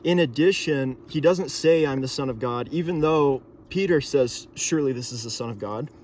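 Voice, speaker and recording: A young man thinking aloud in a casual monologue, pausing with fillers and restarting sentences often. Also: mid-range voice, darkish tone, a little hiss or hum.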